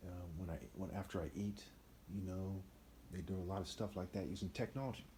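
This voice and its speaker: A man's voice: deep voice, steady tone, a little fast, warm tone, a little hiss or hum. A man giving a rambling, emphatic unscripted monologue, often tossing in "right?" asides.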